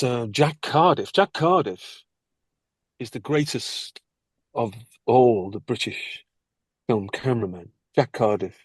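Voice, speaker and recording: Husky older man telling stories. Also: mid-range voice, dry recording. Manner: animated, acts out quoted people. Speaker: actor guest. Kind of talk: anecdotal storytelling in interview.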